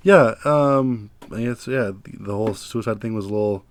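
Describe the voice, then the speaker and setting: A young man co-hosting a casual film review podcast, talking haltingly with many stammers and repeated words. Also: fairly low pitch. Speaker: podcast co-host.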